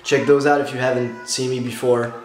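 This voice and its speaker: A gushing, excitable man chats to his viewers, tired after a night awake and stumbling over his words. His voice sits mid-range and rings around a roomy space. Soft music plays faintly behind him. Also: medium pitch, brisk. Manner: gushing and excitable, with nervous laughs and restarts. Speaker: YouTuber reacting to a film marathon. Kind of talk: casual emotional reaction vlog.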